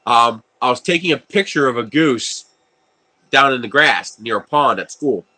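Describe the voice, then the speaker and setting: A man's voice: medium pitch, expressive, moderate pace, sharp tone. A man hosting a casual livestream while building a 3D printer, telling stories, laughing often and answering viewer chat. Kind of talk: casual live-stream chat.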